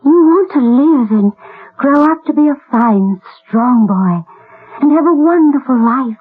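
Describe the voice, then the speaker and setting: Tender, tearful, husky-voiced lady. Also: high voice, animated, measured pace, faint music behind, exaggerated voice. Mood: pleading. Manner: tender, pleading, teary. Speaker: lady of the house. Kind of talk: 1970s radio drama acting. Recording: tinny old radio broadcast.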